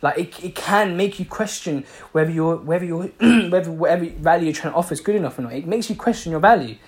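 A man's voice: a little high, quick pace. A man giving a passionate motivational talk, repeating himself for emphasis and swearing freely. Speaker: motivational speaker.

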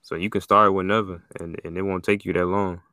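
A man hosting a podcast interview, asking questions and chiming in with relaxed, affirming agreement. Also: low-pitched, a little fast, no room sound, clean studio sound. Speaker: podcast host. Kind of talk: casual chat.

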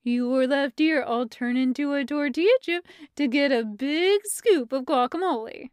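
A woman voicing a dry, deadpan young woman who talks to a puppy in mock-menacing cutesy baby talk. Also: high voice, a little slow, no room sound. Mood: cooing.

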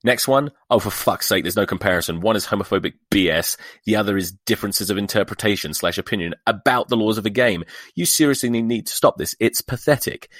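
A man's voice: lowish voice, fast, fairly bright tone, no room sound, studio quality. A man hosting a solo podcast, sweary and exasperated, mocking what he reads aloud. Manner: profane, sarcastic, exasperated. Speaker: podcast host.

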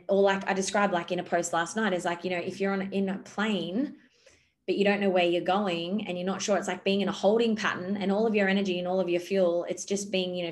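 Woman coaching in a loose, filler-heavy flow. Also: mid-range voice. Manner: animated, gestures while talking, many fillers. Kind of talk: podcast monologue.

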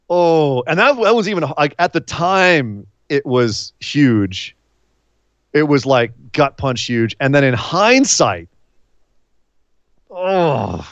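A man co-hosting a casual podcast, excitable and animated, acting out big moments with shouts and laughs. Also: on the high side, very slow, long pauses, dry recording, dull audio. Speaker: podcast co-host.

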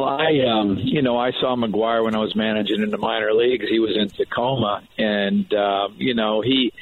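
A man's voice: lowish voice, a little hiss or hum. Man rambling over a tinny phone line. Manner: rambling, frequent restarts and fillers. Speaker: baseball coach guest. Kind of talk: casual radio chat.

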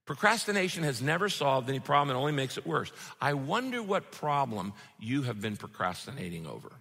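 Bright lively pastor guy preaching, acts out voices, big echoey church hall. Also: fairly high pitch, brisk, vocal fry, few pauses, husky. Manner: animated, acts out voices of the disciples. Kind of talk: sermon. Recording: reverberant hall.

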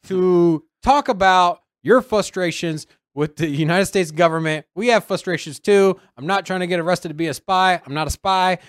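A man co-hosting a podcast in casual chat, animated and acting out other people's lines as he tells a story. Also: sits high, normal speed, hardly any pauses, smooth, dry recording, studio quality. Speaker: podcast co-host.

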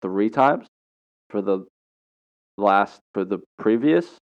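A man in his twenties telling rambling stories in a casual, animated monologue. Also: fairly low pitch, slow pace. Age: 20s. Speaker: storyteller. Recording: dull lo-fi recording.

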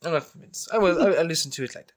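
A man's voice: on the high side, animated, racing. A man chatting casually between readings, dry and hesitant, doubting himself.

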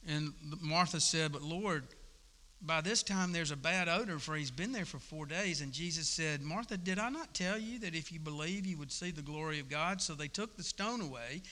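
A man preaching to his congregation in a relaxed, folksy sermon, his voice bright and somewhat high for a man. He talks like he's chatting with friends, tossing in casual asides. The sound carries with a long echo through a church hall. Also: moderate pace. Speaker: pastor. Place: church sanctuary.

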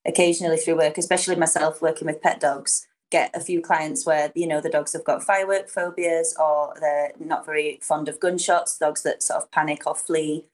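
A woman's voice: sits low, level tone, moderate pace, few pauses. A woman co-hosting as a dog trainer, explaining training methods thoughtfully and steering the questions. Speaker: dog trainer and podcast co-host. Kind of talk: casual chat.

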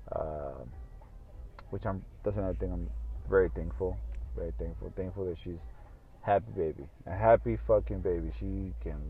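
A man hosting a podcast in casual solo talk, rambling and swearing freely with lots of fillers. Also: low voice. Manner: rambling, profane, full of fillers. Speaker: podcast host. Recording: tinny phone-like audio.

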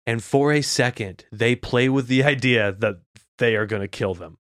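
A man's voice: mid-range voice, moderate pace, fairly bright tone, no room sound, studio quality. A man co-hosting a podcast, eagerly recapping scenes in casual chat and swearing freely. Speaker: podcast co-host.

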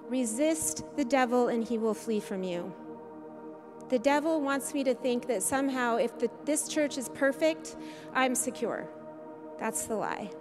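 A woman preaching a sermon, her high voice carrying an earnest, conversational warmth of address. Her words ring out with a long reverb in a church hall. Soft music plays faintly beneath her. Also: lively intonation, a little slow. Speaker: pastor. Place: church sanctuary.

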